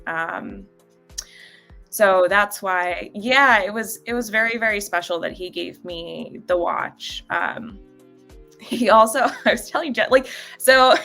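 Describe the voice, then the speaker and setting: Bright-voiced woman chatting on a live stream. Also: lowish voice, vocal fry. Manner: halting, with many fillers and frequent laughs. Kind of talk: casual live-stream chat, greeting viewers.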